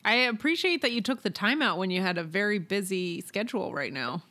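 A woman's voice: medium pitch, expressive, a little fast, pushed and bright. A woman hosting a comedy podcast, giving short, dry, teasing replies in a casual chat. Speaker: podcast host.

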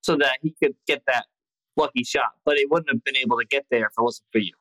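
A man's voice: mid-range voice, fast talker, bright, forceful tone, no echo, low-quality recording. A man playing a tabletop game, stammering through restarts and joking with the table. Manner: stammering, restarts a lot, laughs. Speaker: player. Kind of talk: casual tabletop banter.

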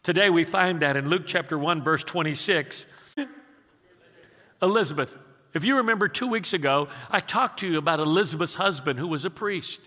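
A man's voice: a little high, sharp tone, long reverb tail. A man in his sixties preaching a sermon, stumbling through restarts as he tells a story and growing emphatic as he preaches. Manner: halting restarts while telling a story, emphatic when preaching. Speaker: pastor.

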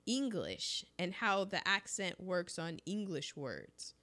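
A woman co-hosting a casual chat about films, talking emphatically and jumping up in pitch when excited. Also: takes it slowly.

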